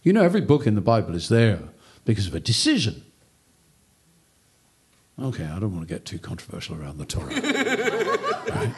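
A man giving a humorous lecture, telling a story as an animated, joking storyteller. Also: lowish voice, brisk, long pauses, a little hiss or hum.

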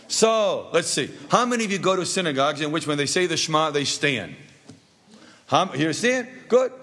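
A man's voice: fairly high pitch, fairly bright tone, slightly rough. A man teaching a class, telling anecdotal stories with jokes and asking the audience rhetorical questions. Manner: jokey, anecdotal. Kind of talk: storytelling lesson.

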